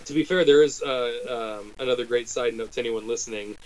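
A man from the United States talks in an animated, rambling way. He keeps breaking off into quick asides and restarting his sentences, at an ordinary middle pitch. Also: low-quality recording. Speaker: podcast co-host. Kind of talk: casual chat.

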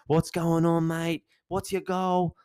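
A man's voice: on the high side, completely flat delivery, slow pace, darkish tone, clear, resonant tone, no echo, clean studio sound, pitched above the performer's own voice. A man doing a brash blokey gym trainer. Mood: hyped. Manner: brash, matey sales patter.

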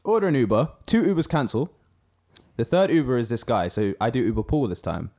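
A young man, co-hosting a casual chat and telling animated stories with lots of fillers. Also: mid-range voice, brisk. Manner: animated storyteller, many fillers. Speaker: podcast co-host.

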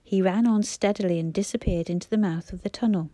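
A woman with a mid-range voice narrates an audiobook, telling the story in a steady, measured way. There's no room sound at all.

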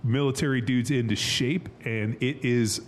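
A man co-hosting a podcast in playful casual banter, slowing down to stress his points. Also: mid-range voice, a little hiss or hum. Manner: playful, drawls emphasis, slows for effect. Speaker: podcast co-host.

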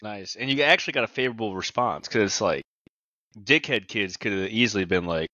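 A man's voice: on the low side, a little fast, no echo, dull audio. A young man chatting casually and joking, dropping "bro" and "dude". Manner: animated, jokey, says bro and dude. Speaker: podcast co-host. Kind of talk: casual chat.

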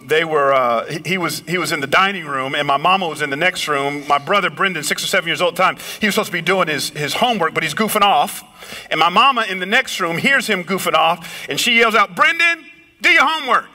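A middle-aged man preaching a sermon, swinging his pitch up and down and slowing or raising his voice for emphasis. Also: bright, forceful tone. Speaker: pastor. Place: lives in a big city apartment.

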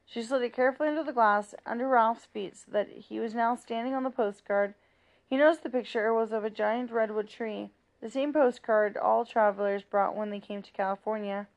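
A woman reads a children's novel aloud in a steady, plain narrating voice. Her pitch sits slightly high, and she makes small slips and restarts along the way. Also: a little fast, dull audio. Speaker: reader.

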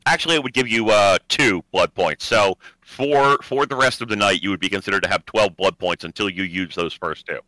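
A man's voice: fairly low pitch, a little fast, few pauses, sharp tone, no room sound, rough recording. A man running a tabletop role-playing game, explaining the rules with many hesitant fillers. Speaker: game master.

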